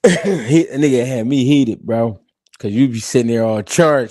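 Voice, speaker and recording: A man hosting a show, telling profane, animated comic stories in casual chat. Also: mid-range voice, a little slow, no echo, studio quality. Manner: animated, profane storytelling with impressions. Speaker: host.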